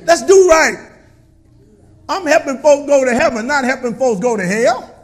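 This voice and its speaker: A man preaching a colloquial sermon in a church style, with call-and-response and shouted peaks. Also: very high-pitched, fairly quick, slight background noise. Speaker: pastor.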